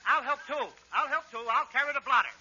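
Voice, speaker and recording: A comic man with a very high, whiny voice, cracking indignant jokes. His bright, thin tone comes through the dull, muffled sound and faint hiss of an old 1940s radio broadcast. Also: fast talker. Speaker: comedian.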